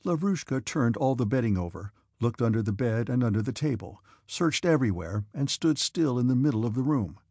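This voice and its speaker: A male audiobook narrator reading a classic novel in a measured, steady way. His voice is gravelly and husky, recorded close in a dry room with no echo. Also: mid-range voice. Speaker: audiobook reader. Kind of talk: scripted narration.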